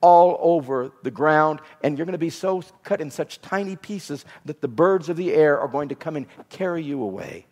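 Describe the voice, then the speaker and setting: A man's voice: on the high side, lively intonation, normal speed, few pauses, darkish tone. A man preaching, voicing an angry, boastful giant warrior with fierce, threatening taunts in his own voice. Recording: reverberant hall.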